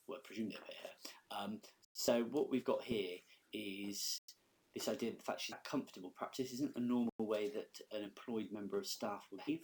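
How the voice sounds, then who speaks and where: Low-voiced male teacher explaining a lesson. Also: a little mellow. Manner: conversational and explanatory, checks in with students. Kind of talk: recorded classroom lesson over slides.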